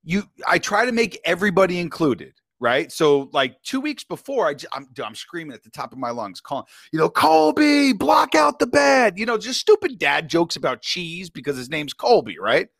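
A man's voice: fairly high pitch, big pitch swings, brisk, few pauses, a bit bright, dry recording, clean studio sound. A man, a podcast guest, telling a story in casual chat, talking in slang and keeps asking "you know what I mean".

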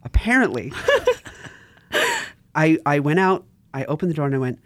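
Animated young man telling a story. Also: a little high, a little slow, dry recording. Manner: animated, acts out quoted voices, laughs often. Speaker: podcast guest. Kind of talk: casual storytelling.

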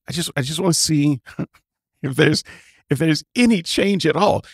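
A man with a slightly raised voice, talking very slowly in a flat, sarcastic, mocking way. The sound is dry and close, with no room echo. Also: a little high, husky. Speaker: commentator. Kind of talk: reaction commentary.

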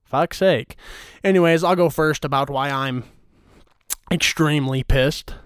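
A man's voice: on the high side, unhurried, smooth, dry recording, clean studio sound. Profane mock-angry male podcast host. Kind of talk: crude comedic rant.

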